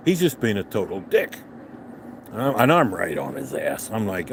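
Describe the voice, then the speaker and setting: An older man tells a road story outdoors in an angry, profane rant, swearing with nearly every line. His pitch swings widely as he goes. A faint outdoor ambience sits behind him. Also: very animated, normal speed, a little hiss or hum. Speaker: vlogger. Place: outdoors on a restaurant patio.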